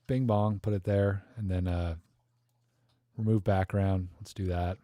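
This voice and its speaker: A man's voice: sits low, fairly even intonation, a little slow, warm tone, no room sound. A man hosting a live stream, critiquing viewer photos in joking, rambling chat full of fillers. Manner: joking, rambling, thinks aloud with many fillers.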